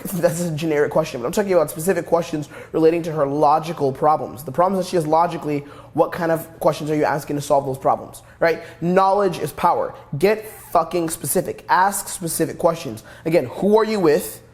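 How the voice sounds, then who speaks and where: A man's voice: a little high, brisk, hardly any pauses. A young man teaching as a dating coach, brash and profane, hammering his points with repetition. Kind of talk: instructional monologue.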